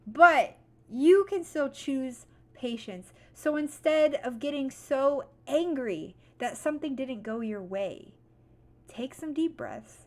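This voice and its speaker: A young woman with a high voice speaks straight to her viewers in a motivational vlog. She is blunt and profane, and she moves between calm advice and loud, heated venting. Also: takes it slowly. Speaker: vlogger. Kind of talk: motivational talk to camera.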